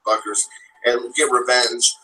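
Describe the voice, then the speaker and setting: A man launches into a rambling, foul-mouthed rant, jumping from one angry point to the next. His voice is bright and forceful, pushed hard at the front. A faint hiss of noise sits under it. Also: medium pitch, level tone, a little slow, rough recording.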